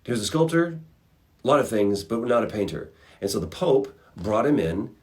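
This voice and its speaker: A man hosting a casual livestream, answering fan questions with reflective advice and animated storytelling. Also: mid-range voice, moderate pace. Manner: animated storyteller acting out characters.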